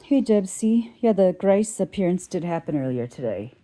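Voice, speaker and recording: A woman's voice: lowish voice, very animated, normal speed, warm tone. A woman hosting a casual livestream who laughs easily and reads out viewer chat. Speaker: livestream host.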